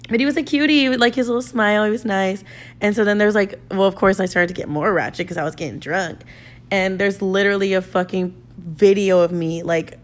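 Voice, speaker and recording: A young woman hosting a podcast who tells a story in a chatty, casual way, swearing freely and using lots of "like" fillers. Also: mid-range voice. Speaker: podcast host.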